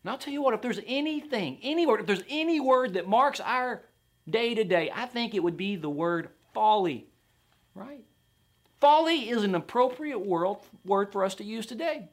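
A man preaching a sermon in an animated way, sometimes acting out doubters in a higher voice. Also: normal speed. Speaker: pastor.

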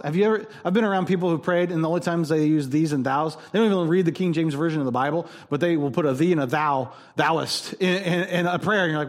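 A man's voice: on the high side, quick pace, hardly any pauses. A man preaching a sermon as pastor, conversational and jokey with emphatic stresses.

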